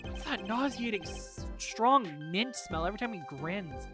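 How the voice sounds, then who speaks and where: Woman streamer, game commentary, excitable, lively pitch, faint music. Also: unhurried. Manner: excitable, swearing, laughs and shrieks. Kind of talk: casual game-playthrough commentary.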